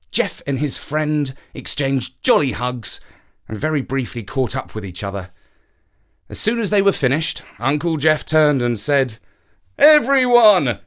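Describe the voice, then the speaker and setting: Lively man reading a children's story. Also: medium pitch. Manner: animated storytelling, acts out characters. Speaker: story reader and presenter.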